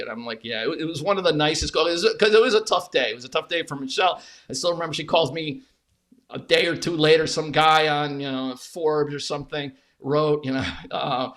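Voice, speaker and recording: A man's voice: on the high side, brisk. Emphatic, blunt-talking man. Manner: emphatic, profane, repeats words when animated. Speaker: interview guest, former media executive. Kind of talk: candid conversational storytelling.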